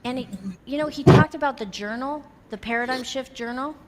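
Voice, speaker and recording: A woman's voice: sits high, fairly quick. A woman in her fifties giving a motivational keynote to a live audience, telling stories animatedly and acting out the dialogue. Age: 50s. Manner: animated storyteller who acts out quoted dialogue. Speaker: motivational seminar speaker. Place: large hall with an audience. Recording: long hall reverb, faint background noise.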